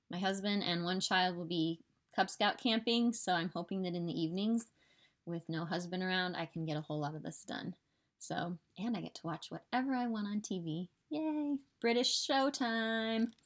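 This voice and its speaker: A woman's voice: lowish voice, normal speed. A woman in her thirties from southern Illinois with a Midwestern American accent, chatting in a casual, upbeat way about her stitching, with rambling asides. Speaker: stitching vlogger. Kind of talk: casual chat. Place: home.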